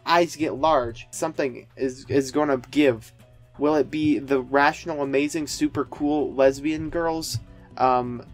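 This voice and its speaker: Sarcastic rambling man with a higher voice. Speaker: commentary youtuber. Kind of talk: sarcastic video commentary.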